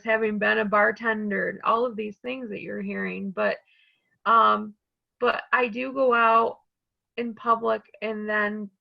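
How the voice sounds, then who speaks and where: Gravelly-voiced woman on a video call. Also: fairly high pitch, dull audio. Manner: earnest, heartfelt conversational. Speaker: community college program staff. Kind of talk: webinar panel discussion.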